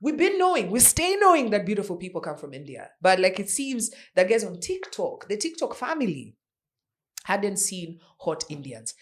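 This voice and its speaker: A woman's voice: mid-range voice, moderate pace. A woman in her forties hosts a casual pop-culture news podcast. Her voice swoops up and down a lot as she chats. She keeps firing off rhetorical questions at her listeners. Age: around 40. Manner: chatty, animated, full of rhetorical questions. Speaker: podcast host.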